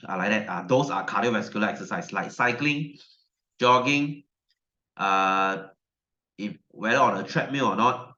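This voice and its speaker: A man's voice: on the low side, a little slow, pushed and bright. A male science teacher, giving a chatty online class lecture and repeating his questions to the class. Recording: dull, roomy echo.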